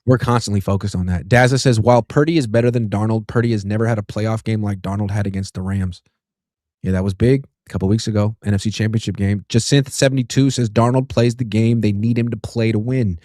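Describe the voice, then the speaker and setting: A man's voice: fairly low pitch, steady tone, fast talker, a little mellow, no echo, studio quality. A man in his thirties hosting a casual sports talk show, reading viewer comments in an easygoing way. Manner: easygoing, reads super chats aloud.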